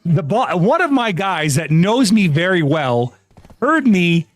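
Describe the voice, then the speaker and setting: A man streaming a game live, telling a story to his chat in a casual, animated way, often breaking into laughter and swearing freely. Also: sits high, measured pace, dry recording. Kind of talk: casual gaming livestream storytelling.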